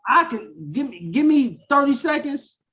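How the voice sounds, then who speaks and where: A man's voice: extremely high pitch, big pitch swings, unhurried, bright, forceful tone, muffled recording. A man co-hosting a podcast, chiming in with playful, boastful banter. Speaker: podcast co-host. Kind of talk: casual chat.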